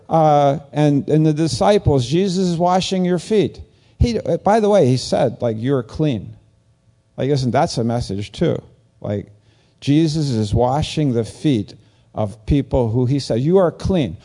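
Gravelly, slow-talking man preaching casually. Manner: animated, rambling, acts out quoted lines in a higher voice. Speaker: pastor. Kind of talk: casual conversational sermon.

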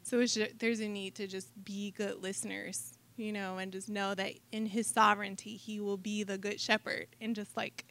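Earnest woman with a flat voice. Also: medium pitch, moderate pace, creaky, hardly any pauses. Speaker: group member commenting. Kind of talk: casual sharing.

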